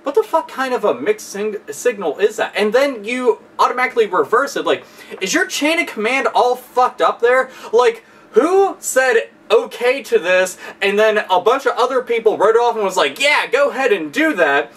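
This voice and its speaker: A man rants angrily with constant swearing and exasperated sarcasm. His voice is high with a bright, sharp edge. He sits a little back from the microphone. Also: expressive, normal speed, distant mic. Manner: heavy profanity, exasperated, sarcastic. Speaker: video host. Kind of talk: angry ranting commentary.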